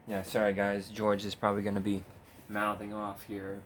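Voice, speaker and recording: Man, gaming creator, easygoing, swears a lot, baby-talks his pet, lowish voice, faint hum behind. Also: monotone, normal speed. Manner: laid-back, swears freely, coos baby talk at his cat. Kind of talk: casual gameplay commentary. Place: home room.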